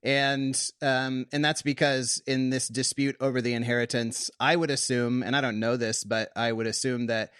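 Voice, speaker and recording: A man co-hosting a casual Bible discussion podcast, animated and quick to laugh, sometimes slipping into comic voices. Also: mid-range voice, smooth, dry recording, studio quality. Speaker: podcast co-host.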